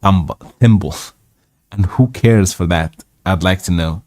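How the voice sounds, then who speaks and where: A man whose first language is Arabic reads a classic novel aloud to practice English. He fixes his own slips and adds comments along the way. His voice is very low and his pace is slow, recorded close and dry. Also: darkish tone, no echo. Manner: halting reading with self-corrections and asides. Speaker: host.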